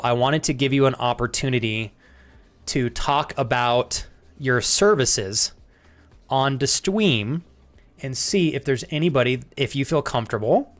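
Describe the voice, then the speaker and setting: A young man streaming a game live, chatting casually with viewers, thanking them by name, swearing freely, and jumping high in pitch when he gets excited.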